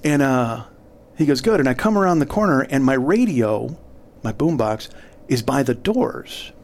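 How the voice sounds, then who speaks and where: A middle-aged man, a comedian guest, telling a long story in a casual, animated way, laughing and acting out the other people's lines. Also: medium pitch, normal speed.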